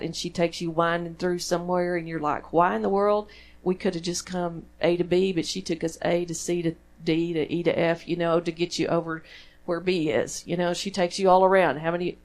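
Folksy Texan woman preaching a sermon. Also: fairly low pitch. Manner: conversational, folksy, asks the congregation questions. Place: church sanctuary.

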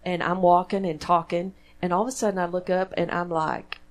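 A woman's voice: fairly low pitch, level tone, fairly quick. A woman with a Texan accent preaching a sermon in church, in a conversational, folksy way that draws the congregation in with questions. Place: church sanctuary.

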